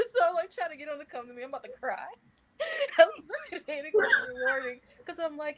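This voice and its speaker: Animated woman telling stories with laughs. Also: high-pitched, a little fast. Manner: animated storyteller, laughs often, acts out her own voice. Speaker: podcast co-host. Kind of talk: casual chat.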